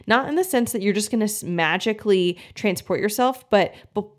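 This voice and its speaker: A woman's voice: mid-range voice, fairly quick. Earnest woman chatting on a podcast. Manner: friendly, earnest, acts out inner thoughts with animated voices. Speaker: podcast host, gut health coach. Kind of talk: casual solo podcast talk.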